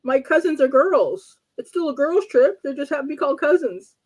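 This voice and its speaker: A woman's voice: high-pitched, expressive, brisk, a little mellow, poor audio. A woman hosting a casual live-stream talk show, blunt and teasing with emphatic points.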